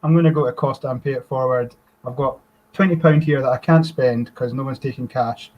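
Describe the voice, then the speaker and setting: A man's voice: medium pitch, a little fast, muffled recording. Self-deprecating man telling stories. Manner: self-deprecating, animated storyteller. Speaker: guest. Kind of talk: casual storytelling.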